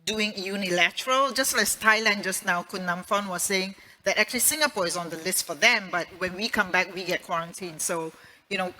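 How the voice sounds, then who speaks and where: A woman conducts an onstage interview, asking long questions in a conversational, rambling way. Her voice is bright and sits at a middle pitch. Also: a little fast, low-quality recording. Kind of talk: conference interview.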